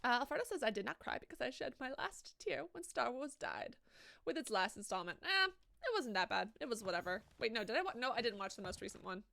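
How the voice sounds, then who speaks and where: Woman streamer, slightly high, bright and crisp; casual, swears a lot, reads chat aloud. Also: sing-song, brisk. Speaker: live streamer. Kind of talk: casual live-stream chat while gaming.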